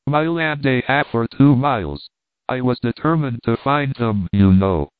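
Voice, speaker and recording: A man reading the part of a brash gentleman who shrugs off a fall, in offhand clipped phrases. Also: medium pitch, lively intonation, normal speed, clean tone, dry recording, natural voice. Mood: chatty. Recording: tinny phone-like dry sound.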